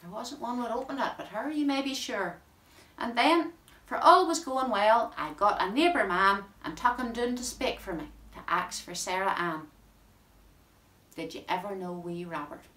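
A woman's voice: mid-range voice, animated, normal speed, pushed and bright. A woman with a Northern Irish accent reads a dialect poem in the voice of a rueful, greying bachelor farmer, in broad rural speech. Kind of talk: poetry reading in dialect. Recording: roomy sound from a distant mic.

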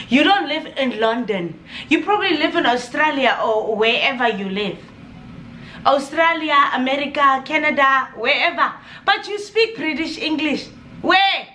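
In a casual vlog, a young woman with a Namibian accent rants to camera in a high, sharp, bright voice. She's exasperated and animated, dropping laughing asides, with faint background noise and a reverberant sound.

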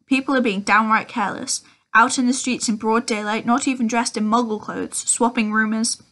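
A woman's voice: on the high side, steady tone, moderate pace. A woman reading the part of a strict, impatient older witch professor in a storybook. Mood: irritable. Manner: sharp, irritable, clipped.

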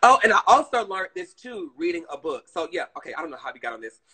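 Animated husky woman chatting on a live stream. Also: fairly low pitch, fast talker, poor audio. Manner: chatty, animated, swears freely, talks to viewers as "girl". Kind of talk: casual chat on a live stream.

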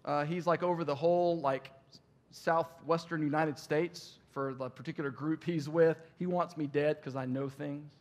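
A man retelling the halting, matter-of-fact words of a wary young woman in a sermon story. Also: fairly high pitch, steady tone, lightly acted.

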